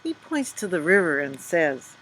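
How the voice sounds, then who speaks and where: A woman reading a children's picture book aloud, gentle and unhurried, dropping to soft asides between pages. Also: on the low side, very animated, a little hiss or hum, rough recording. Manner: gentle, slow storytelling with soft spoken asides.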